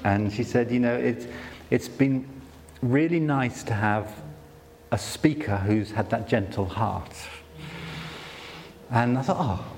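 A man speaking at a conference, telling stories in a relaxed, self-deprecating way. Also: medium pitch, slow pace, long pauses, big-room sound, a little hiss or hum. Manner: conversational, self-deprecating storytelling with many restarts. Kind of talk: sermon-style talk.

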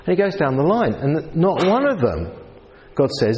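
A male preacher whose pitch swings widely as he tells stories and voices the people in them. His sermon echoes with a long hall reverb, and a faint room ambience sits underneath. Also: normal speed, a little hiss or hum. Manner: lively storytelling with voiced characters. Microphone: handheld mic.

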